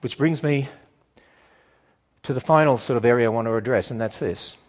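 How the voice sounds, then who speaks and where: A man giving a sermon-style talk to a church audience, emphatic and animated, firing off rhetorical questions and acting out the objections people raise. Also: medium pitch, normal speed. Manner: acts out quoted objections in shifting voices; emphatic, repetitive build-ups. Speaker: Christian speaker addressing a church audience.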